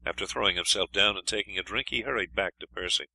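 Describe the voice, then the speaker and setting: A man reading an adventure story aloud as audiobook narrator, in a steady storytelling manner. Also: low voice, fast, gravelly, no room sound, poor audio. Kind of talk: scripted narration.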